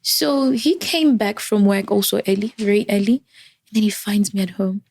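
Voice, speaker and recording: A grieving woman, speaking softly and often near a whisper as she tells her personal story. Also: mid-range voice, normal speed, slight background noise. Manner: soft-spoken, often close to a whisper, switching between English and Setswana. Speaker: interview guest.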